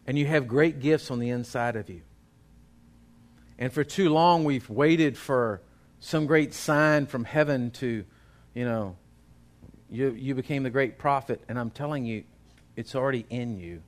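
A man's voice: medium pitch, unhurried. A male pastor, preaching a sermon in a folksy, exhorting way.

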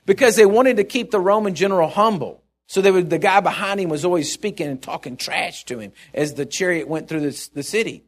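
A man's voice: high voice, fairly quick, hardly any pauses. A middle-aged male pastor preaching a sermon, telling stories in a rambling, chuckling way with many restarts.

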